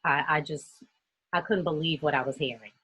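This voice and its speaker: A woman from New York with a deep, heavily husky voice tells a personal story to a group. She speaks in an earnest, steady way over a video call. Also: a little fast, no room sound, low-quality recording. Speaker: youth mentor.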